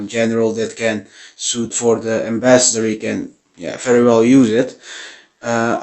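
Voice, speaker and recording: A man hosting his first gaming video, giving game tips in a nervous, apologetic way with many halting fillers. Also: medium pitch, a little mellow. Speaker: gaming channel host.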